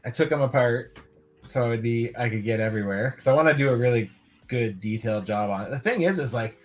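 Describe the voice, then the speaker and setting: A man's voice: mid-range voice, lively intonation, fairly quick. A man hosting a casual live stream, laid-back, laughing often and swearing now and then. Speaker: host of a live customizing stream.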